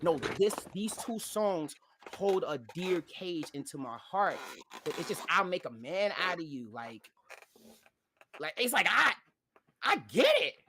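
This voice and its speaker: A man's voice: high-pitched, sing-song, a little slow, pushed and bright, a little hiss or hum. Emotional, rambling young man on a podcast. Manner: emotional, dramatic, apologetic, rambling. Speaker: podcast co-host. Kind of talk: casual podcast chat.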